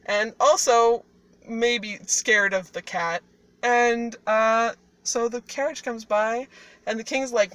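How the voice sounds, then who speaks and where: A woman's voice: a little high, steady tone, measured pace, fairly bright tone. A woman casually retelling a fairy tale in a parked car, chatty and irreverent, with swearing and laughing asides. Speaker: storyteller.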